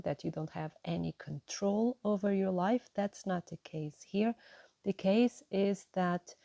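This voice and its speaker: A woman giving a gentle, encouraging tarot reading to her viewers, often checking in with "right?" and "you know". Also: fairly low pitch, creaky, dry recording. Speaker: tarot reader.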